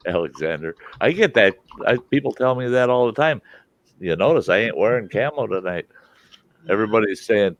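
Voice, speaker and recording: Older host, folksy yarn-spinner, low and dry. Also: male voice, lively intonation, moderate pace, dry recording. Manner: folksy storyteller, laughs a lot. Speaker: livestream host. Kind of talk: casual chat.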